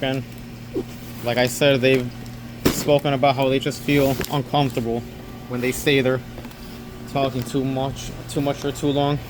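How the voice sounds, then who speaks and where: Young guy rambling on about his night shift at the store, mid pitch voice, faint ac hum in the back. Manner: rambling, repeats himself, earnest. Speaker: overnight convenience store clerk. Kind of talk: casual talking vlog.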